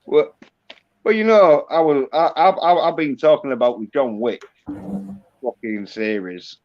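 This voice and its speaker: A man's voice: medium pitch, measured pace. Yorkshire man, crude casual chat, lo-fi. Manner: crude, swears a lot, drawls. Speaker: host. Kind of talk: casual banter. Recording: dull lo-fi sound.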